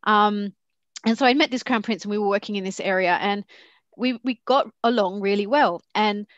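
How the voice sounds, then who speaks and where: A woman's voice: mid-range voice, moderate pace, no echo, lo-fi sound. A woman who founded a company speaks as a panelist, sharing candid, reflective stories and acting out the dialogue she quotes. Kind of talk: conversational panel talk with personal stories.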